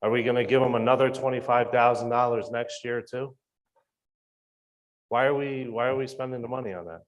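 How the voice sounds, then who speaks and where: A man's voice: mid-range voice, steady tone, brisk, highs cut off. A man asking the board confrontational questions during public comment at a school board meeting. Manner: confrontational, questioning, with fillers and restarts.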